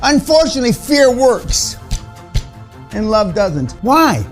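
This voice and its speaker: A man's voice: extremely high pitch, very animated, slow pace, faint music behind. A man in his seventies giving a blunt, profane, confrontational motivational rant, mocking his listeners. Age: 70s. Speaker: business speaker.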